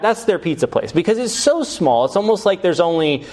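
A man's voice: on the high side, sing-song, brisk, darkish tone. A man preaching a teaching sermon to his congregation, explaining points step by step and asking the listeners questions. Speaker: pastor.

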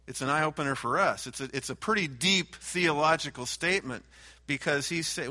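A man's voice: a little high, normal speed, bright, forceful tone. A man teaching a Bible sermon, reading verses and raising his voice to stress repeated names. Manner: emphatic, raises voice on repeated names. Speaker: preacher.

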